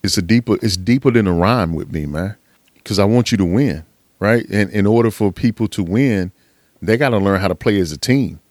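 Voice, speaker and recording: A man delivers a motivational podcast monologue in a low, dry voice. He swears freely, presses his points over and over, and preaches with fired-up conviction. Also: brisk, a little mellow, dry recording. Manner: profane, fired-up preaching with frequent laughs. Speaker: podcast host.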